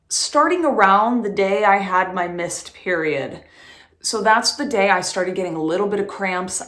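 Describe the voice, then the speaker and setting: Chatty young mom vlogging in an echoey room. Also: female voice, mid-range voice, a bit bright. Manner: chatty, laughs often, fast storytelling. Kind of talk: casual chat to camera.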